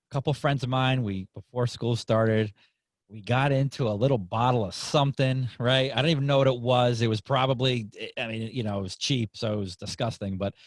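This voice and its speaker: A man hosting a podcast interview, telling a story in a casual, animated way and acting out the people in it. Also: medium pitch, no room sound. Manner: animated, acts out voices in anecdotes. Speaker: podcast host.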